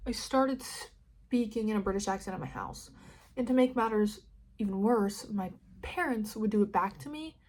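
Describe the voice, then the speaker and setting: A young woman from California with a Californian American accent, hosting a casual solo podcast and rambling candidly with plenty of swearing. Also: fairly high pitch. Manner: rambling, candid, sweary, dramatic swings in loudness. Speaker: podcast host.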